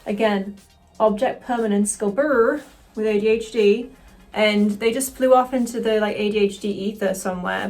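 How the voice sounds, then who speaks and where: A woman chatting casually through a makeup tutorial, excitable and quick to swear. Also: medium pitch. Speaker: cosplayer doing a makeup tutorial.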